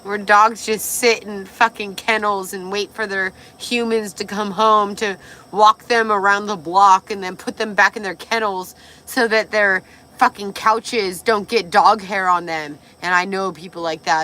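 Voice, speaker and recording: Tipsy hoarse woman livestreaming. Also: mid-range voice, steady tone, a little slow, pushed and bright. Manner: effusive, swearing, reads comments aloud. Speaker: livestream host. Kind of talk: casual livestream chat.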